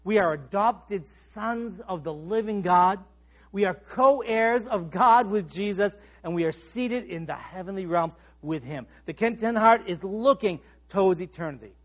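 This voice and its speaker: A middle-aged male pastor delivers a sermon in a notably high voice. He lets his phrase endings drop quiet and low. His questions rise and carry more push. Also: a little slow. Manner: trails off soft and low at phrase ends, rises on questions.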